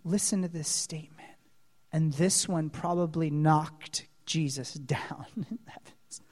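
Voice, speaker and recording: With fairly even intonation and a slightly high voice, a man gives a dramatic storytelling sermon at a somewhat slow pace. He alternates hushed asides with loud exclamations, poses questions to the congregation, and the hall echoes with a long reverb.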